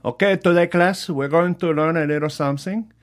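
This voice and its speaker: Shrill furious Spanish teacher, done by a man. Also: fairly quick, lightly acted. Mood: indignant screeching. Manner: screeching, outraged, insistent. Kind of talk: joke-telling on a comedy podcast.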